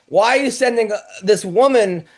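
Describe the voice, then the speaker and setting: A middle-aged man co-hosting a loose comedy podcast, his voice sitting high for a man. He rambles, stumbles over his words and restarts as he tells his stories. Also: moderate pace, darkish tone. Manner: rambling storyteller with many restarts. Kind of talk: casual podcast banter.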